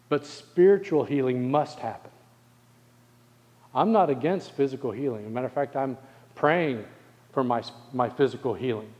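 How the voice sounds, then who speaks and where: A man preaching from the pulpit at an ordinary mid pitch, his voice trailing off into the long echo of a church hall. He keeps throwing rhetorical questions to the congregation. He slows right down to press his key lines home. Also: darkish tone. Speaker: pastor. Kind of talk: sermon.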